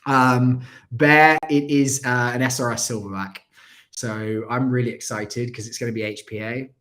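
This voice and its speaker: Male streamer, mid pitch, casual and apologetic, keeps coughing from a dry throat. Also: steady tone, normal speed, fairly bright tone. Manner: chatty, rambling, apologetic. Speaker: airsoft channel host. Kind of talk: casual livestream chat.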